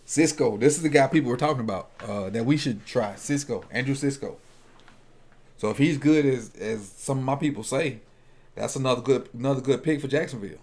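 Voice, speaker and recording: A man's voice: mid-range voice, a little fast, darkish tone. A man talking casually at a football draft watch party. He jokes and thinks aloud, often restarting his sentences. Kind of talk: casual chat.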